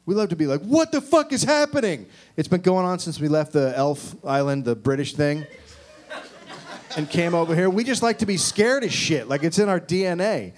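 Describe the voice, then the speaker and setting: A man in his forties doing a rambling, profane stand-up set, with shouted mocking impressions. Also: fairly high pitch, moderate pace. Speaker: stand-up comedian. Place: comedy club stage with live audience.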